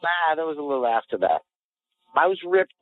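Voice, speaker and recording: A man co-hosting a podcast, telling boastful stories in animated, casual banter and quick to get riled. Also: on the high side. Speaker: podcast co-host. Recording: phone-like lo-fi audio.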